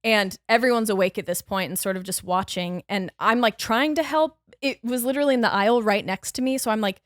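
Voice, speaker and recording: A woman on a podcast telling a dramatic story in a casual, animated way, laughing as she goes. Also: on the high side, brisk, dry recording, studio quality. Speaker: podcast guest.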